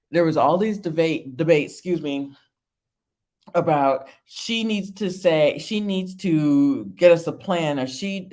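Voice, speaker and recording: This woman's voice is low-pitched and a little mellow as she hosts a casual reality TV review stream. She's emphatic, laughing regularly, reacting to viewer comments, and repeating phrases for effect.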